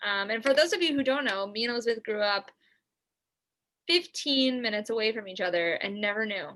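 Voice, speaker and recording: A woman's voice: a little high, lively intonation, fairly quick, sharp tone. A woman from the New York area co-hosting a comedy podcast, rambling casually with constant "like"s and swearing over a remote call. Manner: rambling, lots of filler "like", swearing. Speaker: podcast co-host. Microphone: remote call setup.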